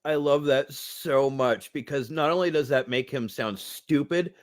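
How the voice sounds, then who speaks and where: A man's voice: medium pitch, measured pace. A man co-hosting a casual movie review chat, swearing freely and laughing as he retells scenes. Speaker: podcast co-host.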